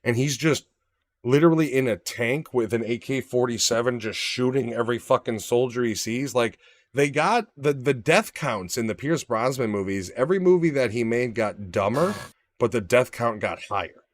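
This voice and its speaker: A man in casual podcast talk, swearing often and punching words loudly when excited. His voice sits at a middle pitch. It is recorded dry, with no room echo. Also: normal speed. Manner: animated, profane, swings loud for emphasis. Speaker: podcast co-host. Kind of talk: casual chat.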